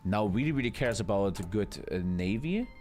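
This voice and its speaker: A man's voice: fairly low pitch, expressive, brisk, darkish tone, slight background noise. A man casting a multiplayer strategy game on a live stream, chatty and swearing freely as he talks to his chat. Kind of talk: casual live-stream commentary.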